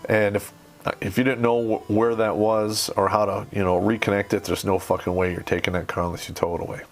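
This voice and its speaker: Low-voiced man telling blunt, profane stories. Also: little pitch movement, brisk. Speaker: podcast host. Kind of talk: casual storytelling.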